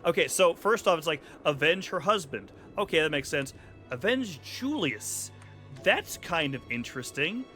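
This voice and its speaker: A man's voice: fairly high pitch, animated, normal speed, pushed and bright. A man streaming a video game, chatting casually and joking, sometimes slipping into silly accents. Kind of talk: casual gameplay commentary. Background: game music.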